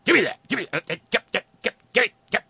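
A man voicing a panicked male conference staffer who sputters and shouts in a high, strained voice. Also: animated, quick pace, vocal fry, slightly rough, no echo, full character voice. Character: frantic male conference staffer grabbing flags.

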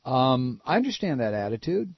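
An older man from Ohio with a nasal voice, talking casually and halting with many repeated restarts. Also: medium pitch, very animated, breathy edge, no echo. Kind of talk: casual opinion talk. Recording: dull lo-fi recording.

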